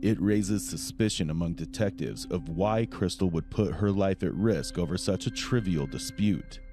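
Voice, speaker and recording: A man reading scripted true-crime narration in a measured, grave way. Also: deep voice, over music.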